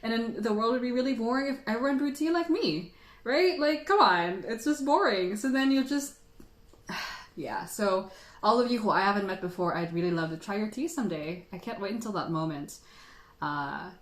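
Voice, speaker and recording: A woman's voice: medium pitch, lively intonation, fairly quick. A woman hosting a casual livestream who chats in a rambling way and laughs often. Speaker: tea livestream host. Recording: roomy echo.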